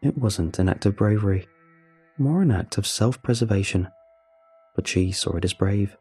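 Somber young man telling a dark horror tale. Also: on the low side, husky. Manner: somber, measured, confessional. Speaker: narrator. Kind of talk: first-person horror story narration. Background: faint music.

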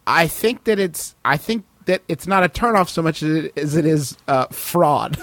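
A man's voice: fairly high pitch, lively intonation, moderate pace, a bit bright, dry recording. A man co-hosting a comedic advice podcast, riffing playfully with mock-formal phrasing. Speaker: podcast co-host.

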